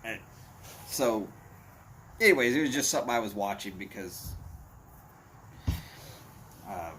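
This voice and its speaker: A man with a lowish, slightly bright voice hosts a casual livestream, reading chat and rambling bluntly through meandering asides in a tone people take as angry. His intonation is lively and his pace a little slow, with slight background noise.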